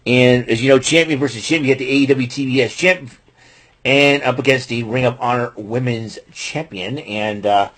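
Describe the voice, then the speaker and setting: A man's voice: mid-range voice, moderate pace, a bit bright. A man hosting a casual wrestling recap show, rambling and laughing at his own jokes. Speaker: podcast host.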